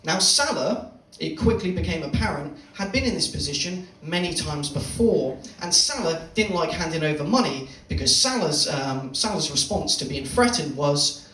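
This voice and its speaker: A young man performing a stand-up set in a comedy club, telling a swearing, deadpan story and teasing the crowd. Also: a little high, normal speed. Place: comedy club stage, live audience. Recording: roomy club sound from a distance.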